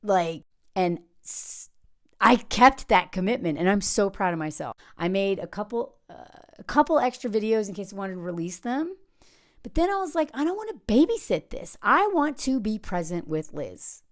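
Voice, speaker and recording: A content creator with a mid-range voice speaks at normal speed in a casual personal vlog, very animated. She rambles, interrupts herself, uses many fillers, and comes across as reflective and candid.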